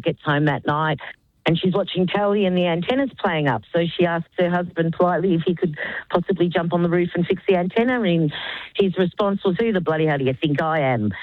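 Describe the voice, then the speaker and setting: A woman's voice: deep voice, dry recording. A woman caller with an Australian accent telling a long joke on air, chatty storytelling. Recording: dull phone-line call.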